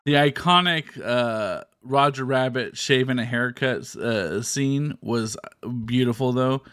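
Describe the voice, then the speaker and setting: A man co-hosting a casual movie chat, lively and prone to jumping high in pitch when quoting. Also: slow, clean tone, no echo, studio quality. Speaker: podcast co-host.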